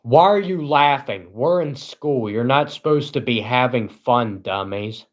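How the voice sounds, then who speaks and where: A man's voice: medium pitch, expressive, a little slow, voice pushed up, natural voice. A man voicing a strict female schoolteacher who scolds and calls names, on a live stream. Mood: scolding. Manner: scolding, name-calling.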